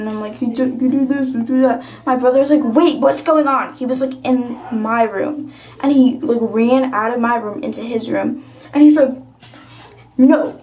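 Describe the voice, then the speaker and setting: A woman's voice: on the high side, darkish tone. A teenage girl vlogging in casual chat, rambling through a story with lots of "like" and sounding exasperated as she vents. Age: teens. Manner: rambling storytelling, heavy use of "like"; exasperated, venting.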